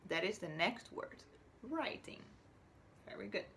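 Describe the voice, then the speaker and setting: A woman teacher from Chile giving a slow, patient recorded spelling lesson to young children, now and then whispering or acting out a word. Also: fairly low pitch, lively intonation, vocal fry, fairly bright tone. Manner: patient, drawn-out words, whispers or acts out words as examples.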